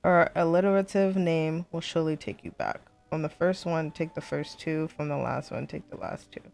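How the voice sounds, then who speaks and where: Gamer lady with a lowish voice reading letters out loud, chatty and excitable in between. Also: normal speed, gravelly. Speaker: let's play streamer. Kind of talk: gameplay commentary, reading in-game letters aloud.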